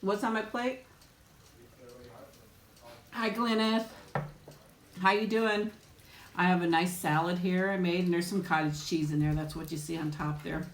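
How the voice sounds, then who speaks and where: A woman's voice: lowish voice, fairly even intonation, unhurried, long pauses, slight background noise. Chatty woman livestreaming in an echoey room. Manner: chatty, warm greetings, frequent laughs and ums. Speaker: mukbang livestream host. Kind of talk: casual live chat greeting viewers.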